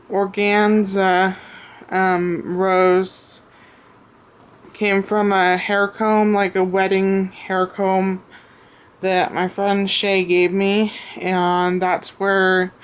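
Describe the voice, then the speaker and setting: Breathless lady showing off her craft project at home, slow and halting, lots of ums. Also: mid-range voice, clear, resonant tone. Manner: halting, many ums and pauses. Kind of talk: casual show-and-tell. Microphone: camera on a tripod.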